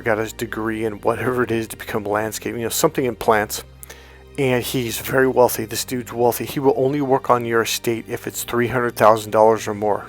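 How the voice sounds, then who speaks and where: Middle-aged guy rambling through a story, cusses a lot, voice sits mid-range, faint music behind. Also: medium pitch. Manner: animated, swears freely, acts out quoted people. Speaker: dating coach. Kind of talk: casual storytelling monologue.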